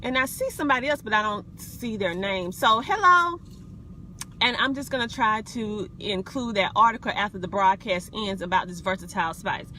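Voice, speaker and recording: A woman's voice: medium pitch, normal speed, bright, forceful tone, slight background noise. A woman from South Carolina with a Southern accent, chatting casually on a live video from inside her car, folksy and full of ums. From South Carolina, USA. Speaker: wellness vlogger.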